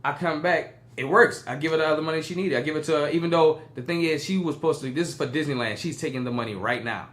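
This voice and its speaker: A man's voice: fairly high pitch, fast, hardly any pauses. A young man, telling a story on a podcast and acting out the voices of the people in it. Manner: animated, acts out quoted voices. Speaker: podcast co-host. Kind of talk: casual storytelling chat.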